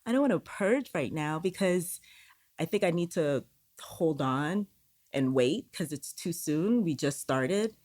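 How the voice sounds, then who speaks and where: A woman with a deep, low voice recounts a personal experience as a podcast guest. She talks candidly and swears now and then. She slips into quoted dialogue to act out the inner voices she heard. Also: lively intonation, a little slow, darkish tone. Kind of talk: personal storytelling.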